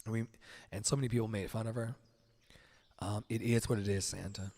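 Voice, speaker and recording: A man's voice: on the low side, fairly even intonation, fairly quick, a little mellow. A man hosting a casual late-night livestream from home, chatting in a loose, rambling, candid way and swearing freely. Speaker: livestream host.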